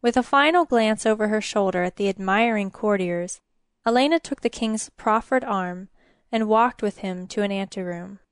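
Brief: female storyteller, unhurried and expressive, mid-pitched, dry studio sound. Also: smooth, no room sound. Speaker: narrator. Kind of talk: storybook narration.

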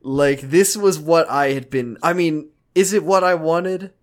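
A man co-hosting a podcast in casual chat, animated and mock-dramatic, swearing freely. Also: fairly high pitch, unhurried. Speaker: podcast co-host.

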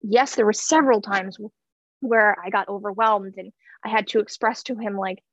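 A woman's voice: medium pitch, steady tone, normal speed, no echo, highs cut off. A woman in her thirties telling a heartfelt personal story in an earnest way, with many fillers and restarts. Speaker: guest sharing her story.

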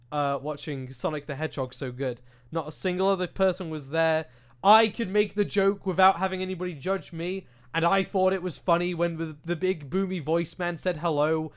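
A young man with a British accent talks into a desk microphone in a loose, casual chat. His voice sits high for a man, and he rants with plenty of swearing and filler words. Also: clear, resonant tone. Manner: animated, ranting, heavy swearing and filler words.

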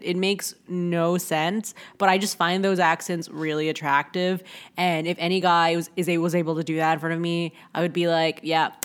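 A woman's voice: on the low side, a bit bright. A young woman hosting a casual solo podcast, rambling with many fillers and poking fun at herself. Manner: rambling, frequent "like" fillers, self-mocking. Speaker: podcast host.

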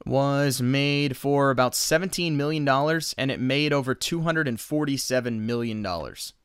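A man co-hosting a podcast in casual chat, animated and quick to laugh. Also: medium pitch, smooth, no room sound, studio quality. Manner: animated, retells scenes with laughter. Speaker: podcast co-host.

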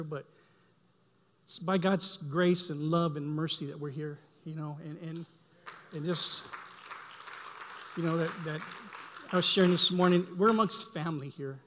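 A middle-aged man giving a heartfelt, halting church testimony, often repeating words as he speaks. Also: on the high side, steady tone, noisy background. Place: church sanctuary. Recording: long hall reverb.

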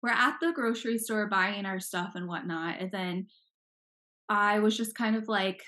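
A woman's voice: mid-range voice, normal speed, bright, forceful tone. A young woman co-hosting a podcast, telling a story in casual chat, swearing freely and filling her talk with "like". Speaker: podcast co-host.

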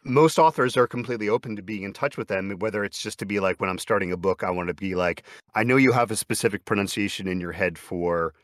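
A man's voice: on the low side, fast talker, hardly any pauses, no room sound, studio quality. A man who narrates audiobooks, chatting casually in an interview over a video call, often stopping himself mid-sentence and acting out little back-and-forth exchanges. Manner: chatty, self-interrupting, acts out quoted exchanges. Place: small home recording booth.

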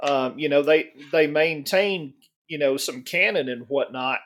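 A man's voice: a little high, unhurried, a bit bright. A man chatting casually on a podcast in a matter-of-fact way, with casual curses. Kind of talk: casual chat.

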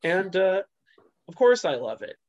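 A man's voice: high-pitched, very animated, a little slow, darkish tone. A man co-hosting a podcast in a casual chat, rambling with lots of fillers and restarts. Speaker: podcast co-host. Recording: dull lo-fi sound.

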